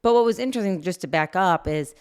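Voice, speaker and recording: A middle-aged woman co-hosting a parenting podcast in casual chat, gently advising. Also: on the low side, expressive, quick pace, clean tone. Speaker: podcast co-host.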